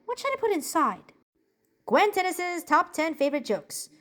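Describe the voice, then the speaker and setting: A woman's voice: very high voice, very animated, normal speed, a bit bright, full character voice. A woman voicing a cheerful, bookish preteen girl in a journal-style character monologue, bubbly and giggly as she tells jokes. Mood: cheerful joking. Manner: bubbly, giggly joke-telling.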